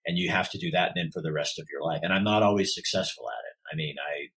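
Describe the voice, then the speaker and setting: A middle-aged man, a podcast guest, telling his story in an animated way and acting out the dialogue. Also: deep voice, quick pace, rough recording. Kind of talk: storytelling in an interview.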